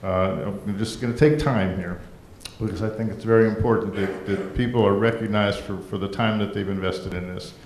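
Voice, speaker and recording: A man gives folksy, rambling council meeting remarks as mayor. His voice sits a little low. The echoey chamber carries a faint rumble behind him. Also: steady tone, normal speed, few pauses, darkish tone. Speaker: mayor presenting a proclamation.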